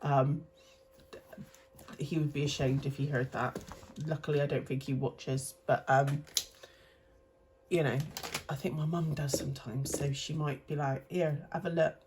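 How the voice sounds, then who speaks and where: Her voice low with little pitch movement, a woman in her thirties chats a little slowly, with long pauses, while sorting cash into budget envelopes. As a cash stuffing vlogger she rambles and self-corrects, against a noisy background.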